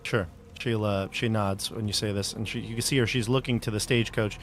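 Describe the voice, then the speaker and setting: A man's voice: on the low side, steady tone, fairly quick, soft background music. A man narrating as game master of a tabletop game, chatty and loose, with fillers and restarts.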